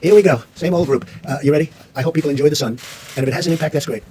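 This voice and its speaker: A man's voice: on the high side, very fast, a little mellow, a little hiss or hum. A man, the president, answering reporters at a press briefing in a combative, repetitive way.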